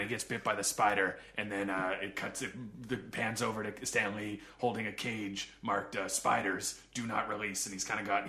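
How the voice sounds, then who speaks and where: Gravelly, bright-voiced comedy podcast man. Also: fairly low pitch. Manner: absurd deadpan riffing, quick to laugh. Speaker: podcast co-host. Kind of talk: improvised comedy banter.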